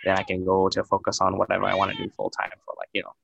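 A man's voice: low voice, completely flat delivery, racing, gravelly, fairly bright tone, lo-fi sound, slight background noise. A young man co-hosting a podcast in casual, joking chat, swearing freely and using lots of fillers. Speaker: podcast co-host.

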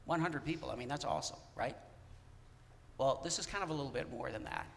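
A man preaching a sermon in a conversational, animated way, with casual asides to the congregation. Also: mid-range voice, brisk, creaky, a little hiss or hum. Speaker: pastor. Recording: long reverb of a church hall.

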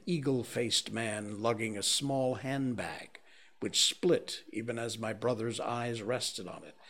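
A man reading a novel aloud as an audiobook narrator, in a slow, measured and grave way. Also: lowish voice, creaky, fairly bright tone, slightly rough. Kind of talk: scripted narration.

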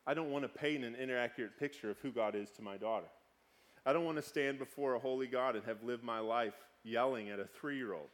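A man in his thirties preaching in a relaxed, conversational way. His voice sits at an ordinary middle pitch. He jumps from soft, near-whispered stretches to sudden shouted bursts. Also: moderate pace. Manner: conversational preaching, swinging between loud outbursts and hushed, soft passages. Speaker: pastor. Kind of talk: sermon.

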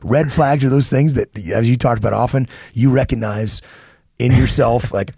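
A man in his thirties talks things through on a podcast in an earnest, halting way, doubling back on his words as he thinks. His voice is husky and a little breathy. It sits close and dry on the mic. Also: medium pitch, mellow, no room sound. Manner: earnest, many restarts and repeated words. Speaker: podcast co-host. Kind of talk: casual conversation.

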